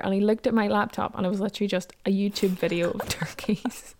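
Northern irish lady on a podcast, chatty storyteller, everyday pitch. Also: a little fast, few pauses. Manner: storytelling, animated. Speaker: podcast co-host. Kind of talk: casual podcast chat.

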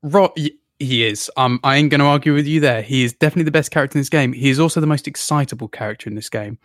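A podcast co-host in casual gaming chat, animated, swearing freely and laughing often, on their own microphone over a call. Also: mid-range voice, racing, dry recording, clean studio sound. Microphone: own microphone on a remote call.

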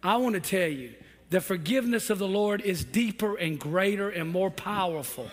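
Pastor, male, high bright voice, fervent preacher with long hall reverb. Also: animated, moderate pace. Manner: preaches in swelling shouts, then drops to a low quiet voice. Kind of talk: sermon. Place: church hall with a congregation.

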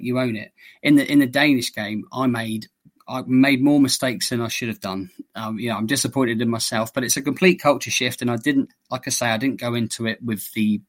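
A man chatting casually on a podcast, blunt and quick to swear, laughing often. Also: medium pitch, fairly bright tone, no echo. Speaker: podcast guest, tabletop wargame player.

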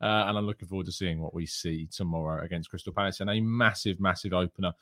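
A man's voice: low-pitched, steady tone, fast talker, fairly bright tone, no echo, clean studio sound. A man hosting a daily football news show, talking casually with many "uh" fillers and greeting his live chat. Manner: casual, chatty, frequent "uh" fillers. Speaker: host.

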